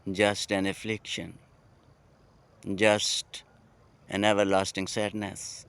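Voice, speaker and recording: A man with a Pakistani English accent talks in a slow, unhurried way, lingering on each phrase. His lowish voice sounds smooth and clear as he muses aloud in a poetic, heartfelt monologue outdoors at night. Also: level tone, a bit bright. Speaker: vlogger.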